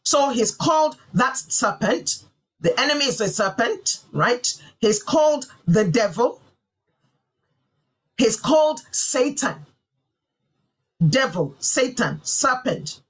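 Woman pastor, sermon delivery, breathy husky tone, emphatic repetition. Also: on the high side, very animated, slow pace, pauses often, poor audio. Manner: emphatic preaching with repeated phrases.

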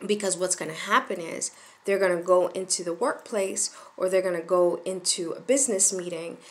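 A woman's voice: on the low side, fairly even intonation, moderate pace. A middle-aged woman giving parenting advice in casual talk to the camera, firm and emphatic, and she repeats her points.

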